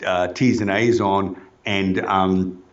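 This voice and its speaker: A man's voice: low-pitched, steady tone, slow pace, dull audio. A man, an orthodontist talking in a casual interview, enthusiastic and rambling, restarting his sentences and saying "you know" a lot. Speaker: orthodontist guest.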